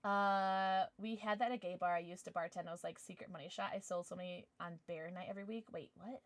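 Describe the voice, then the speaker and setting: A young woman streaming a game, chatting with viewers casually, jumpy and excitable, swearing and shrieking when scared. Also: fairly low pitch, fast, no echo. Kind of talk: casual gaming livestream chat.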